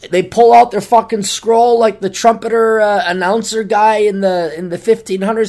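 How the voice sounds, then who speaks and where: A man's voice: sits high, fairly even intonation, normal speed, darkish tone. A man hosting a podcast, rambling profanely and mocking himself in a casual solo monologue. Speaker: podcast host.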